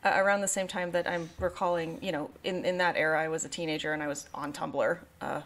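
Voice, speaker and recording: A woman's voice: deep voice, fairly even intonation, fast talker, a bit bright. A woman in her twenties co-hosting a podcast who talks at length in a wry, sarcastic way and wanders onto side thoughts. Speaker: podcast co-host. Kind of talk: casual podcast chat.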